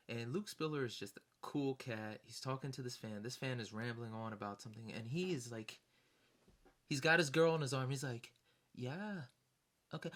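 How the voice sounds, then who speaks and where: A young man casually telling a long story, rambling with lots of fillers and jumping into high-pitched voices to act out other people. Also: a bit bright. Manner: rambling, lots of "you know" and "like". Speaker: vlogger recounting concert memories.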